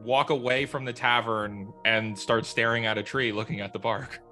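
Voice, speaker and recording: Bright-voiced man running a tabletop game. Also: medium pitch, moderate pace, soft background music. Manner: relaxed, meandering, with fillers. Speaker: game master.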